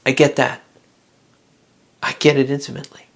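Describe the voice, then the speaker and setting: A woman's voice: extremely low pitch, flat delivery, moderate pace, creaky. A woman giving a devotional Bible talk in an earnest, reflective way, asking her listeners one question after another. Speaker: Bible teacher.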